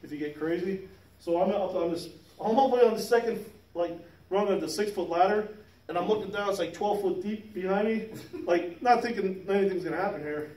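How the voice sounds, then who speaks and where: A man's voice: high-pitched, brisk, a little mellow. A man in his fifties telling a rambling, profane work story in casual chat, laughing as he goes. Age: 50s. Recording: roomy sound from a distant mic.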